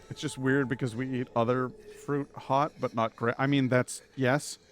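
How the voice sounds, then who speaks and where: A man's voice: medium pitch, flat delivery, moderate pace, hardly any pauses, soft background music. A man streaming a game live, chatting casually and rambling through jokes and puns as he plays. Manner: rambling, jokey, punning. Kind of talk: casual live gameplay commentary.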